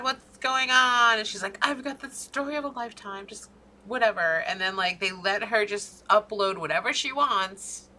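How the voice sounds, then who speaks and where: Bright-voiced woman ranting profanely. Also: medium pitch. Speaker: podcast co-host. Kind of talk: casual chat.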